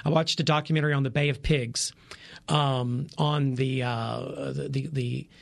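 A man's voice: mid-range voice, fairly even intonation, a little slow, vocal fry. A man in his forties, a travel reporter giving tips in a radio interview, eager and full of ums and uhs. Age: 40s. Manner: enthusiastic, many fillers.

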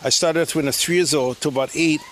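An older man from Hawaii tells long, rambling stories with plenty of fillers, his voice sitting a little high. Faint outdoor ambience hums behind him at a beach resort. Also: fairly even intonation, quick pace, fairly bright tone, a little hiss or hum. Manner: rambling, storytelling with many fillers. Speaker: slack key guitarist. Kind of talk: casual interview.

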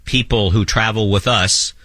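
A man's voice: fairly low pitch, fairly even intonation, a little slow, sharp tone, dry recording. A man co-hosting a chat show, explaining travel planning plainly and teasing his partner dryly. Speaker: radio show co-host, travel tour organizer. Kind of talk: casual chat.

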